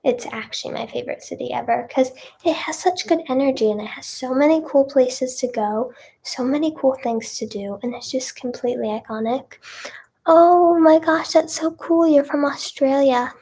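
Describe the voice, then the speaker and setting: Young female singer, casual livestream chat, gushy and effusive, slightly high-pitched, slips into whispers now and then. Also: moderate pace, warm tone, a little hiss or hum. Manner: bubbly and gushing, with frequent "oh my gosh" and "like".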